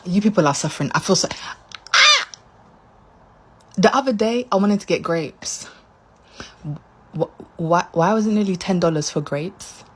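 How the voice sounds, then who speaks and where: A woman's voice: fairly low pitch, normal speed, a little hiss or hum. A British woman, a vlogger on holiday, ranting to the camera in a mock-outraged, exclaiming way and repeating herself for effect. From United Kingdom. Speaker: visiting vlogger.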